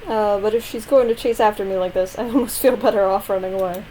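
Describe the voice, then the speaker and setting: A woman reading the lines of a lazy, dismissive teenage schoolboy narrator from a game, in a flat, low-key tone. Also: quick pace, slight background noise, lightly acted, low-quality recording. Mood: dry.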